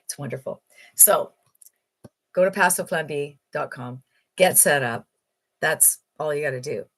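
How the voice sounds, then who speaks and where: A woman giving an enthusiastic, emphatic motivational sales pitch for an online marketing program. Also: measured pace, a bit bright.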